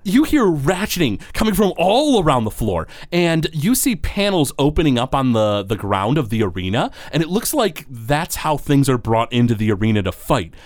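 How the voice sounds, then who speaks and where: A man's voice: mid-range voice, big pitch swings, normal speed, hardly any pauses, no echo. A man running a tabletop game as game master, narrating with lots of fillers. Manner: rambling, many fillers.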